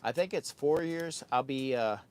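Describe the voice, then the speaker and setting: A man in his fifties with a Midwestern American accent, chatting on a live stream from a hot tent while camping. He rattles along fast and hyper, joking and breaking into sing-song asides. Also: medium pitch, darkish tone, a little hiss or hum. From United States. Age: 50s. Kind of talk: rambling live stream chat. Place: tent with a stove on a windy day, outdoors.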